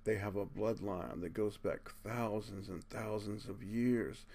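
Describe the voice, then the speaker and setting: A man's voice: on the low side, unhurried, few pauses, darkish tone. A man giving an earnest, preachy monologue to his viewers, speaking bluntly, cursing casually and tacking "man" onto his sentences. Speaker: video channel host.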